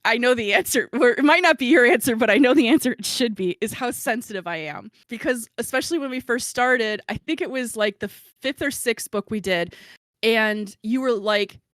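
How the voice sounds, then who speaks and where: A woman's voice: fairly high pitch, a bit bright, no echo. A woman hosting a podcast, chatting casually and self-deprecatingly, with lots of fillers and giggles. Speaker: podcast host and author. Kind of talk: casual chat.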